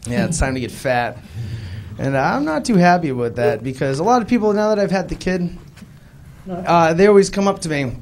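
Young Boston stand-up comedian, slightly high-pitched man, animated and self-deprecating, live club mic with faint room noise. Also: brisk. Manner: self-deprecating, animated storytelling with voiced quotes.

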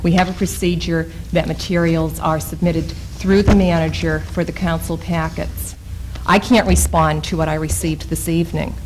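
A woman town councilor speaking firmly and in a measured way at a public meeting, openly frustrated with how things are being handled. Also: deep voice, level tone, soft background music, rough recording.

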